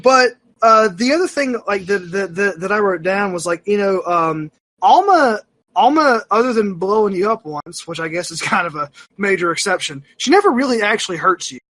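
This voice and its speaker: A man with a fairly high voice on a casual gaming podcast chat. His tone is bright and forward, and he rambles through fillers and restarts. He tells animated, self-mocking stories. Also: moderate pace, dry recording. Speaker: podcast co-host.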